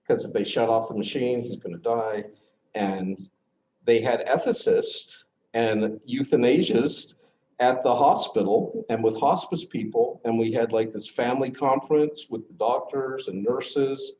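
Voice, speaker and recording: A middle-aged man teaching a class, earnestly telling a personal story, with his voice dropping low at the hard moments. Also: normal speed, dark tone. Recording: echoey classroom, faint noise.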